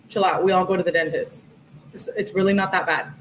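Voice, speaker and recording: A woman's voice: lowish voice, fairly even intonation, brisk, slight background noise, rough recording. A woman hosting a casual livestream, chatty and rambling as she reads through text messages and thanks her viewers. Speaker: livestream host.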